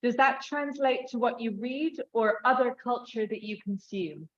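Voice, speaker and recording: A woman hosting a bookshop event, briskly reading out audience questions. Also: a little high. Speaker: event host. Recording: dull lo-fi room recording.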